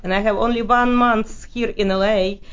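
A woman's voice: a little high, fairly even intonation, clear, resonant tone. Woman with a heavy Russian accent. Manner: giggly, halting with fillers. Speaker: guest. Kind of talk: casual chat. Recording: slightly dull lo-fi sound.

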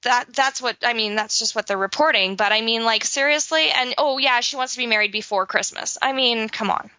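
Chatty woman from Saskatchewan, bright voice. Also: on the high side, brisk, no room sound. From Saskatchewan, Canada. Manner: chatty, laughs often, many fillers. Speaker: co-host. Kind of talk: casual celebrity gossip chat. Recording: dull lo-fi recording.

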